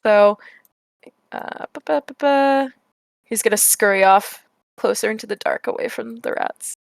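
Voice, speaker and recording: A woman's voice: a little high, unhurried, gravelly, dry recording. A woman playing a tabletop game, casual and playful with stammering fillers. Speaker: player.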